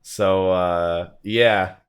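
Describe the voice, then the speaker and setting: A man's voice: low voice, steady tone, drawn-out words, smooth. A man hosting a casual gaming podcast, teasing his cohosts and laughing often. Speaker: podcast host.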